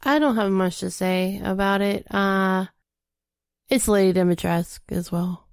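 A woman's voice: mid-range voice, unhurried, smooth, no room sound. Female podcast co-host, teasing and blunt, dry recording. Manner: playful, laughs easily, blunt. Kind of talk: casual game chat.

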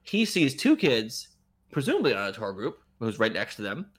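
A man chatting on a podcast about a film, his pitch jumping around as he retells scenes with disbelief. His delivery is loose and conversational, with frequent laughs and asides. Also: normal speed, slightly rough. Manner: animated, incredulous retelling with laughs. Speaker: podcast co-host. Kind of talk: casual chat reviewing a movie.

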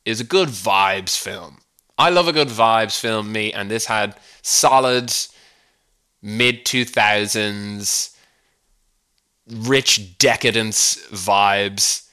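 A man's voice: on the low side, drawn-out words, sharp tone, clear, resonant tone. A man with an Irish accent hosting a comedy podcast, rambling wryly with chuckling asides. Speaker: podcast host. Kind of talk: comedic solo monologue.

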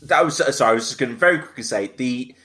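A man's voice: mid-range voice, expressive, quick pace, fairly bright tone. A man hosting a casual film discussion podcast, talking with frequent restarts and hesitations. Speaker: podcast host.

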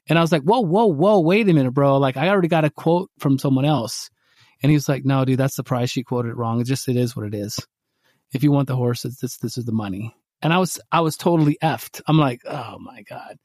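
A man co-hosting a podcast, telling a story in casual chat and acting out his own quotes with lively energy. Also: mid-range voice, no echo, clean studio sound. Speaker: podcast co-host.

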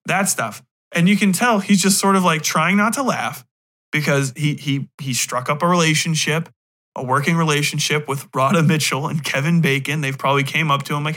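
A man's voice: on the high side, fairly quick, bright, forceful tone. A man hosting a podcast, talking through a film in a frank, rambling, casual monologue. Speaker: podcast host. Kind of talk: casual movie review monologue.

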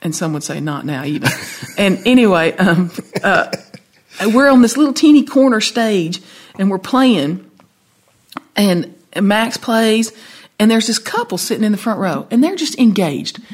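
Speaking at a measured pace in a medium-pitched voice, a Southern-accented woman songwriter relates a lengthy story during an interview. She's an animated guest who performs the quoted voices of everyone involved.

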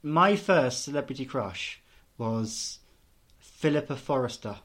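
A man's voice: medium pitch, animated, takes it slowly, a bit bright. A man, co-hosting a podcast in chatty, teasing casual chat. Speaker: podcast co-host.

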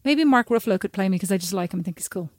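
A woman's voice: medium pitch, animated, racing, darkish tone, no echo, studio quality. Playfully outraged Irish woman. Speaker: podcast co-host. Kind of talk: casual chat.

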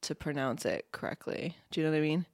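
A woman's voice: sits low, fast talker, dry recording. Chatty woman, dry close mic. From United States. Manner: laughs often, restarts sentences, animated storytelling. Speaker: podcast guest. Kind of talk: casual chat.

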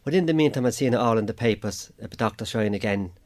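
Irish man, radio interview guest, low voice, plain storytelling, repeats what others said. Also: quick pace, darkish tone. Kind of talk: personal account in a radio interview.

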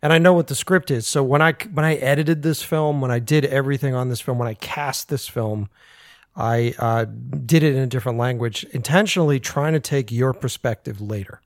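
American man, filmmaker, casual podcast chat, animated and profane, mid-pitched voice, dry close sound. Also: a little fast, dry recording. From United States. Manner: animated, swearing, laughs often. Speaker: filmmaker guest.

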